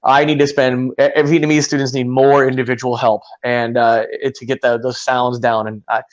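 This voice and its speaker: A male English teacher talks in a loose, easygoing way, full of "you know" and "man". His voice sits at an ordinary pitch for a man. The recording sounds dull and lo-fi. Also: moderate pace. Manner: relaxed and chatty, with lots of "you know" and "man". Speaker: English pronunciation teacher, guest. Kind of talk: casual interview chat.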